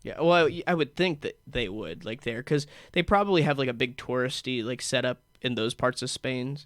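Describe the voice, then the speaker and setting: A man's voice: medium pitch, normal speed, a bit bright, no room sound, studio quality. A man from the San Francisco Bay Area, a comedian guest in a casual radio chat, rambling and thinking aloud with lots of fillers. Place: radio studio.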